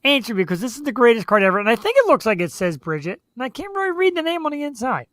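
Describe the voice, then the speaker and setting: A woman's voice: fairly high pitch, very animated, fast talker, dry recording. A woman hosting a live web show, chatting casually and rambling with easy laughs. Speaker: show host.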